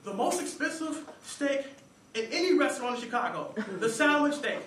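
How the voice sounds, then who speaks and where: A young man giving a humorous contest speech, acting out scenes with lively energy. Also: very high-pitched, normal speed, a little hiss or hum. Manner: animated, acts out scenes and voices. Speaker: contest speaker. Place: meeting hall stage. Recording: echoey hall, distant mic. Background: audience laughter.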